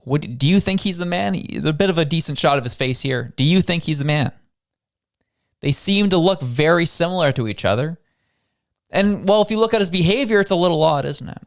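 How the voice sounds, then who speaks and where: A man's voice: fairly high pitch, lively intonation, a little fast. A man from Canada hosting a show, giving casual news commentary in a conversational way, full of rhetorical questions. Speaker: show host.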